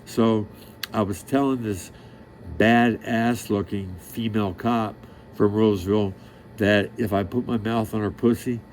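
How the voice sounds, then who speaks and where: A middle-aged man with a somewhat low voice delivers a rambling monologue straight to the listener. He is brash and crude, bragging and peppering his talk with street slang. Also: a little mellow, a little hiss or hum. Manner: profane, boastful, streetwise; rambling, loses track of the story. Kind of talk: rambling direct-to-camera monologue.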